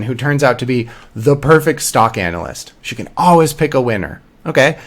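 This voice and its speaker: Male university lecturer with a somewhat high voice, patient and explanatory, restating points as he goes. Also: fairly bright tone. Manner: explanatory, repeats phrases, checks in with "right?". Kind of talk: recorded lecture.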